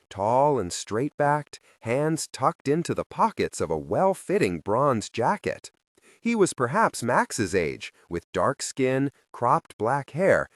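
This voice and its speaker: A man narrating a story in the first person, with expressive, scripted delivery. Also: medium pitch, no echo, clean studio sound. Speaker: audiobook narrator.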